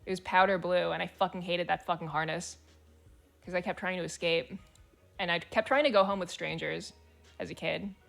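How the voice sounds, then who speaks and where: A woman's voice: on the low side, fairly even intonation, fairly quick, vocal fry, faint music behind. A woman streamer chatting casually and reading forum posts aloud, blunt, swearing freely and laughing as she talks.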